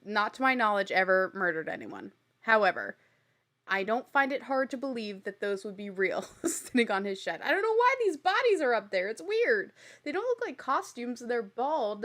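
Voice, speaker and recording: A woman hosting a recap show, telling the story in a chatty, blunt way with casual swearing and animated exasperation. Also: on the high side. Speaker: podcast host recapping a reality show.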